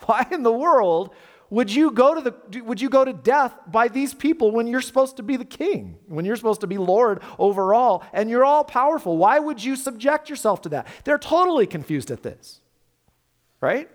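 A male pastor preaching a sermon in an animated, conversational way, full of rhetorical questions. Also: very high-pitched, moderate pace, long reverb tail.

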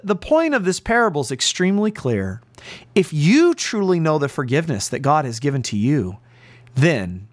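Male pastor, animated sermon delivery, earnest and emphatic, dry close sound. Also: fairly high pitch, dry recording. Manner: earnest, emphatic preaching with drawn-out stresses. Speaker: preacher.

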